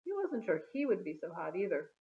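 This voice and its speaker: A woman reading a children's chapter book aloud in an expressive, storytelling manner. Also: lowish voice, a little fast. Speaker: storybook reader. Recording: phone-like narrow sound.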